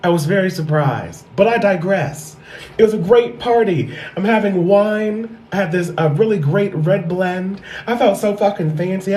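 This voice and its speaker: A man's voice: sits high, a little mellow, slight background noise. A man in his thirties doing stand-up storytelling, sassy and profane, repeating his punchlines for effect. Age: 30s. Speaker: stand-up comedian. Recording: echoey room.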